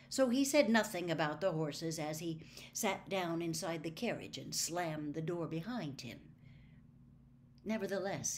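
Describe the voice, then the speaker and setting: Slow, expressive woman reading a storybook. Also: fairly low pitch, slight background noise. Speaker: audiobook reader.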